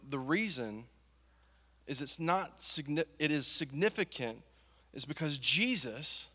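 A man's voice: fairly high pitch, pushed and bright. A young man preaching a sermon as a pastor, conversational and full of rhetorical questions. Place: church hall. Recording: long reverb of a hall.

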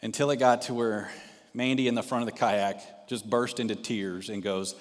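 A man's voice: lowish voice, fairly even intonation, normal speed, big-room sound. A male pastor and missionary preaching a sermon, telling a personal story and putting direct questions to the congregation. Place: church sanctuary.

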